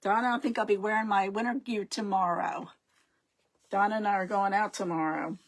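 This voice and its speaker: The speaker is a middle-aged woman at medium pitch, running a casual live stream about crafts. Her talk is rambling and chatty, with frequent word-searching and greetings to those watching.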